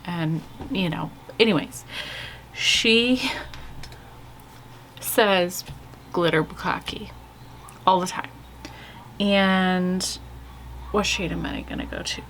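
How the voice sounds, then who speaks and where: A woman's voice: lowish voice, a bit bright, slight background noise. A woman vlogging casually as she does her makeup, chatty and candid, rambling with lots of "like" and "you guys". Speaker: beauty vlogger. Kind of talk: casual chat while doing makeup. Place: home with kids' video playing behind.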